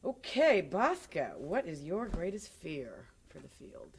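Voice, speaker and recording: A woman interviewing, asking soft, brief questions. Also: on the low side, wildly swooping pitch, takes it slowly, a little hiss or hum.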